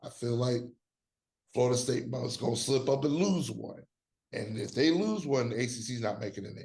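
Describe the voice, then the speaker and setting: A man's voice: mid-range voice, moderate pace, vocal fry, a little mellow. A man co-hosting a sports podcast, giving his own college football rankings in emphatic, slangy, trash-talking casual chat.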